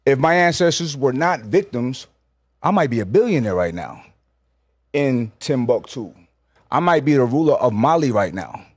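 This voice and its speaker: A man's voice: mid-range voice, big pitch swings, normal speed, no echo. Blunt, emphatic man on a podcast. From New York. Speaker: podcast guest. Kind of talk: casual podcast conversation.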